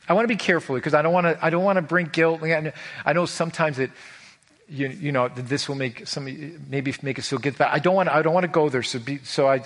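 A man preaching a sermon as pastor, earnest and emotional, who repeats words and swings from hushed to raised lines. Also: fairly high pitch.

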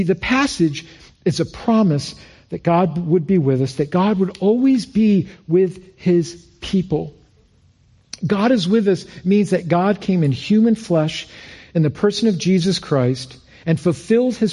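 A man's voice: high-pitched, mellow, slightly rough. A male pastor preaching a sermon in an earnest, storytelling manner with repeated phrases.

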